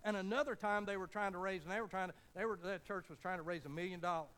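High-voiced preacher. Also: male voice, fairly even intonation, quick pace, fairly bright tone, clean tone, rough recording. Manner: folksy storytelling that builds to fervent appeals. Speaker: pastor. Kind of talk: sermon.

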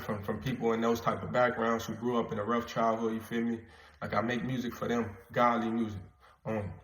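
A man's voice: medium pitch, fairly bright tone. A man podcaster telling a story casually and earnestly, rambling and often repeating his words. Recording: roomy echo.

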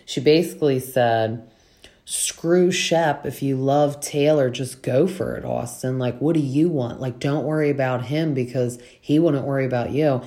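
A young woman with a notably deep voice for a woman, talking casually through a reality TV recap. She fills her talk with "like" and slips into quick impressions of what others said. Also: fairly even intonation, mellow. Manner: chatty, fillers, acts out quotes from the cast. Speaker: podcast host recapping reality TV.

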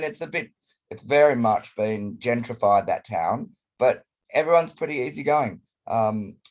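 Croaky-voiced Australian man with a cold. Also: medium pitch, darkish tone. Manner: chatty, flamboyant, playful. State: hoarse from a chest cold. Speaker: guest performer. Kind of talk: casual interview chat over video call. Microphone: video call.

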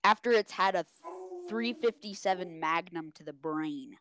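A man's voice: high voice, moderate pace, bright, forceful tone. A teenage boy rambling through a story in casual chat with friends, making crude jokes.

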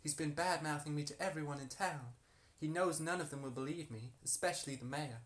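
A man's voice: on the high side, fairly quick, fairly bright tone, lightly acted. A man voicing a flirtatious woman, a town harlot accused of witchcraft, with a sugary, sly folksy drawl.

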